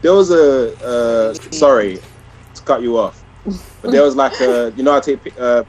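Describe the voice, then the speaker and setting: Man, co-host, casual chat, stop-start delivery, mid pitch. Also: moderate pace, darkish tone, slight background noise, rough recording. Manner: hesitant, repeats words and restarts. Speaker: podcast co-host.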